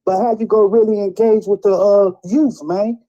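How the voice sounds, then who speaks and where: Middle-aged man, dark mellow voice, blunt preachy storyteller on a casual talk show. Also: sits high, steady tone, moderate pace, dull audio.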